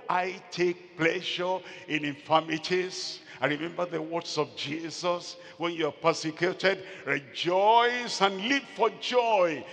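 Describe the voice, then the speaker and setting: A male pastor preaching a sermon, slow and emphatic, repeating phrases and calling out to the congregation. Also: high-pitched, fairly bright tone. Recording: long hall reverb.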